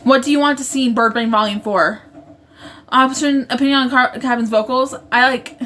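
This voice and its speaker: This livestream host speaks in a high, steady, sharp voice at a moderate pace, with a little background noise. She's indoors at home with her roommate next door, casually reading viewer comments aloud, wandering off topic and catching herself mid-sentence to fix what she said.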